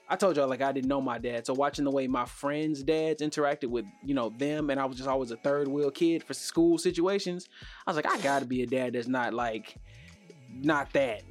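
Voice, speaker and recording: A young man hosting a casual podcast chat, telling stories in slang and acting out the quotes he tells. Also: medium pitch. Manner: animated, acts out quotes, slangy. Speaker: podcast host.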